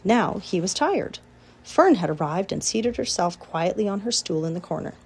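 A woman narrating a children's book aloud in an expressive storytelling manner. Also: mid-range voice, normal speed, slightly rough. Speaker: audiobook reader.

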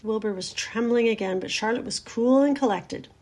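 A woman reading a children's storybook aloud in a gentle, measured way. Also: a little high.

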